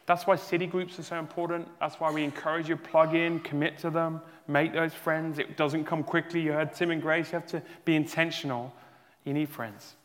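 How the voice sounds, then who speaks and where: A male pastor preaching a sermon in a church hall, earnest and emphatic, rising to loud peaks and sometimes stumbling over his words. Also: on the high side, flat delivery, a little fast. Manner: restarts and stumbles, emotional. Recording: long hall reverb.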